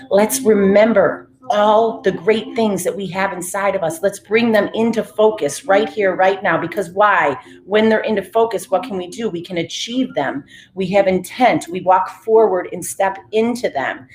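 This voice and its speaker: A woman's voice: mid-range voice, low-quality recording. A woman leading a live class, guiding breathing and affirmations in an upbeat coaching manner, calling out viewers by name. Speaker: fitness and breathwork instructor.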